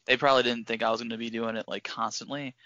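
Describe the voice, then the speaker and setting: Bright-voiced man guest, lo-fi. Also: medium pitch, flat delivery, fast talker, dry recording. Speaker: filmmaker interview guest. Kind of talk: casual interview chat. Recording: dull lo-fi dry sound.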